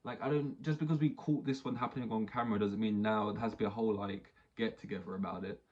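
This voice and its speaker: A man's voice: fairly low pitch, steady tone, fast talker, darkish tone. A young man, rambling through a casual solo podcast with lots of fillers and restarts. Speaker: podcast host. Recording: dull lo-fi recording.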